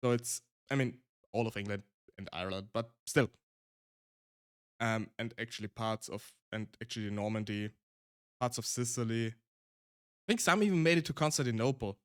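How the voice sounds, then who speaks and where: A man's voice: medium pitch, normal speed, a bit bright, clear, resonant tone, dry recording, studio quality. A male streamer with a German accent chatting casually, rambling with frequent restarts and laughs.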